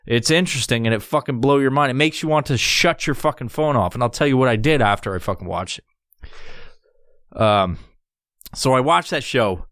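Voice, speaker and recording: A man hosting a solo podcast, rambling through a story with constant swearing and lively mimicry. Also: medium pitch, normal speed, dry recording, studio quality. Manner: profane, rambling, animated storytelling. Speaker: podcast host.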